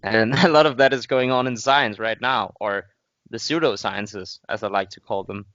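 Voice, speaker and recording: Danish podcast host, smooth resonant voice, dry muffled sound, lectures through his reasoning. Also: lowish voice, normal speed, fairly bright tone, no echo. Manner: lecturing, builds arguments step by step. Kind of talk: casual conversation. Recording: muffled dull audio.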